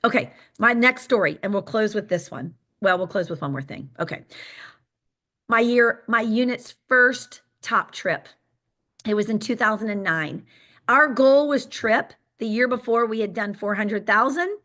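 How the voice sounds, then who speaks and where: A woman, a sales director telling an excited, emphatic motivational story on a call. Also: fairly high pitch, unhurried.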